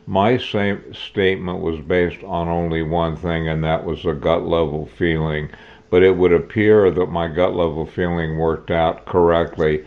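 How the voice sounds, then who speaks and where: Deep-voiced older male talk host. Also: level tone, a little slow. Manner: opinionated, folksy asides. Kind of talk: political talk commentary. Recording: dull lo-fi recording.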